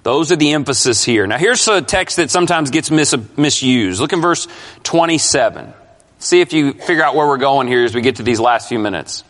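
A man's voice: medium pitch, lively intonation, brisk, a bit bright. A male pastor preaching an expository sermon, emphatic and questioning his congregation. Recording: long hall reverb.

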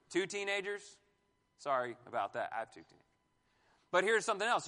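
Man, pastor, lively teaching, high voice, hall reverb. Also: fast, pauses often. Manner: animated, asks the room questions and jokes. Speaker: pastor teaching a marriage class. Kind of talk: sermon-style Bible teaching.

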